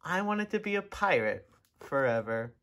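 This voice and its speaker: A man reading a children's picture book aloud in an expressive, animated way. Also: on the high side, moderate pace. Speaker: storybook reader. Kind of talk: children's story read-aloud.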